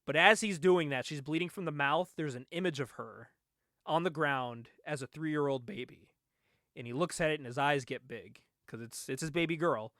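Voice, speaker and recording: A young man in casual conversation, excitedly recapping a comic book, laughing often and acting out the lines. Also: on the high side, moderate pace, dry recording, studio quality. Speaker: podcast co-host.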